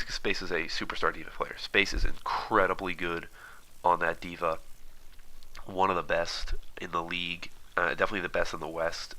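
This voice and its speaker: A man giving casual, rambling analysis of a team roster while watching footage, fast with many fillers and restarts. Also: deep voice, sharp tone, low-quality recording. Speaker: esports commentator.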